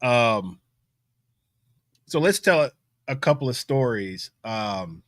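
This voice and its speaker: A man's voice: mid-range voice, expressive, takes it slowly, fairly bright tone, no room sound, studio quality. A man co-hosting a podcast in casual, laid-back chat, often chiming in to agree. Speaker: podcast co-host.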